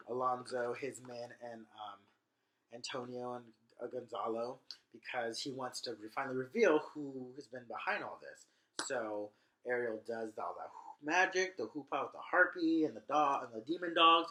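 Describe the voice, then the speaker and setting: A man's voice: medium pitch, sharp tone. A man casually retelling a play for laughs, rambling and chatty with slangy asides. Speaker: host.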